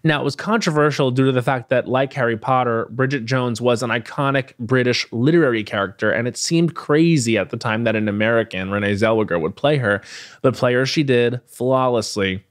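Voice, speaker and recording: A man's voice: mid-range voice, a little fast, dry recording, clean studio sound. Playful man hosting a podcast. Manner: playful, gossipy, jokey asides. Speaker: podcast host. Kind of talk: scripted podcast introduction.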